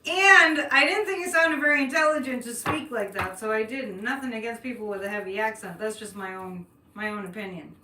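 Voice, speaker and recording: A woman's voice: on the high side, fairly quick, few pauses, sharp tone. Chatty psychic woman in echoey room. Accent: light Boston. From Boston area. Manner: chatty, laughs often, thinks aloud. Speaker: psychic reading cards on a livestream. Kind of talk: live-stream chat with viewers. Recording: echoey room, distant mic, faint noise.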